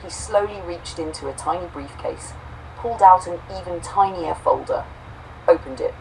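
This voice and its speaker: A woman co-host reading a homespun robot story aloud, saying the quote marks out loud, then reflecting warmly on it. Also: fairly low pitch, moderate pace, vocal fry, far from the mic, a little hiss or hum, poor audio. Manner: warm, affectionate, reads quote marks aloud.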